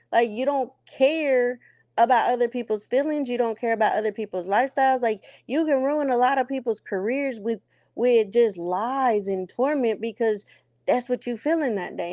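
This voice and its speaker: A woman tells her side at length in a casual chat. She acts out old conversations as she goes. Her voice sits fairly high and sounds dry and close. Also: normal speed, a little mellow, dry recording.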